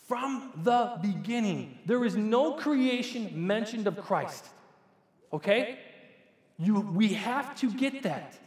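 A man's voice: high-pitched, darkish tone. A man in his forties, a pastor preaching a sermon in a church, talking conversationally and putting questions straight to the congregation. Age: 40s. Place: church sanctuary. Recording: echoey church hall with long reverb.

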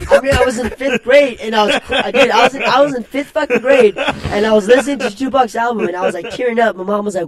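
A man's voice: very high voice, fast talker. Laughing young man telling a story. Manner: storytelling, laughs often, acts out quotes. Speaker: podcast guest. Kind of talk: casual podcast banter.

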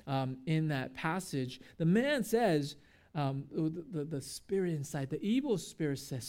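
A man's voice: on the high side, lively intonation, moderate pace, mellow. A man giving a sermon as a pastor at a church service, talking casually and acting out the people in the story. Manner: casual, conversational preaching with fillers and acted-out quotes.

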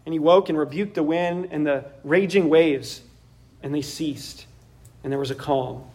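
A man preaching a sermon, animated, often laughing and acting out the voices of the people in his story. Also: on the high side, unhurried. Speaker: pastor.

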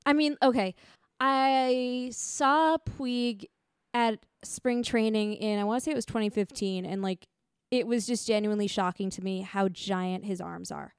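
A woman's voice: medium pitch, fairly even intonation, unhurried, clear, resonant tone, dry recording, clean studio sound. A young adult woman hosting a podcast, chatting casually, laughing often and restarting her sentences. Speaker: podcast host. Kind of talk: casual chat.

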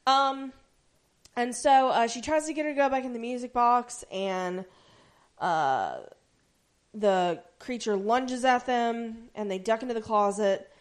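A woman's voice: fairly high pitch, a little slow. A woman co-hosting a casual chat, animatedly retelling a TV episode. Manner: animated retelling with playful quoted voices. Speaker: podcast co-host.

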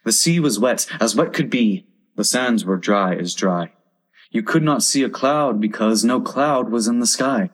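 A man narrating a storybook poem aloud in a steady, measured manner. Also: medium pitch.

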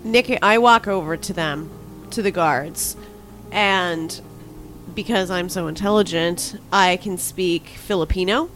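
A woman playing a tabletop game, describing her character's actions in a deliberate way. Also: lowish voice, a bit bright, soft background music, low-quality recording. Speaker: player.

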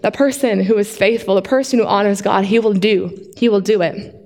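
A woman preaches a sermon in a lively way, asking her listeners questions. Her voice is mid-pitched and carries a long hall reverb, as in a church. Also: fairly quick. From not from Australia. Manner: lively, asks the congregation questions.

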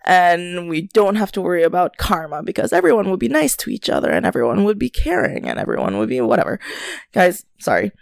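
A young woman hosting a podcast, telling a story in a chatty, animated rant with frequent swearing and laughter. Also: fairly low pitch, fairly quick, creaky, no room sound, clean studio sound. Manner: chatty, animated, swears freely, laughs often, many fillers. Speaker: podcast host. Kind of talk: casual chat, storytelling rant.

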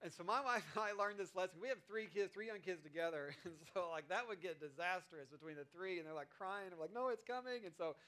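A man in his thirties giving a sermon as a pastor, conversational and animated, often acting out quoted voices. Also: high voice, fast talker, hardly any pauses.

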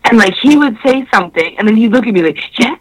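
A woman in casual podcast chat, loud and profane, retelling a date with many fillers and acting out both sides of the conversation. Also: on the high side, fast talker, faint music behind, low-quality recording. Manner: animated storytelling that acts out both sides of a conversation.

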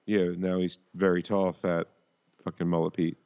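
A man's voice: low voice, little pitch movement, moderate pace, dark tone, smooth, muffled recording. A man co-hosting a podcast, rambling through memories with swearing and half-finished sentences. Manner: rambling, profane, trails off mid-sentence. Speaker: podcast co-host. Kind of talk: casual crude podcast banter.

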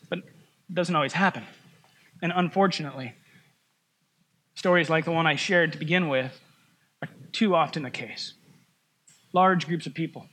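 Bright, high-voiced preacher man. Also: moderate pace, long pauses. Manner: conversational, joking, laughs at himself. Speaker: pastor. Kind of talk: sermon.

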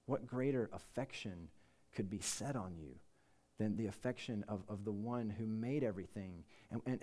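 A campus pastor gives a casual, conversational sermon to a room of students, earnest but informal and quick to poke fun at himself. His voice is on the low side and mellow.

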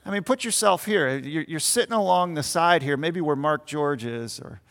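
High-voiced man preaching in a reverberant hall. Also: moderate pace, fairly bright tone. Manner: explanatory, invites listeners to picture the scene. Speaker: pastor. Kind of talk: sermon. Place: church meeting room with congregation.

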